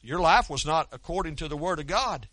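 A male pastor with an Oklahoma accent preaching a sermon in a folksy, talkative way. His voice sits a bit high and sounds bright and forceful. The recording is dry, with no room echo. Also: animated. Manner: folksy, conversational, quick with restarts.

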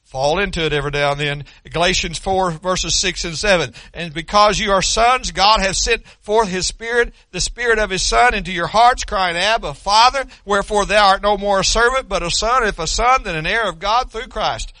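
Folksy older preacher, high bright voice. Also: male voice, moderate pace, few pauses, no room sound. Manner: folksy preaching, rising to fervent shouts, frequent stammered restarts. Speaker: pastor. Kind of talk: sermon.

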